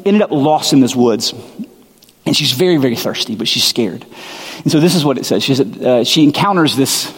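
Husky-voiced man preaching in a reverberant hall. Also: on the high side. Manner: casual, self-deprecating storyteller with many restarts. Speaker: pastor. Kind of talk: sermon with storytelling.

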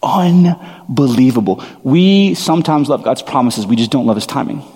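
A man's voice: medium pitch, expressive, normal speed, mellow, breathy edge. A man preaching a sermon as a pastor, earnest and emphatic, often repeating his phrases for weight. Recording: long hall reverb.

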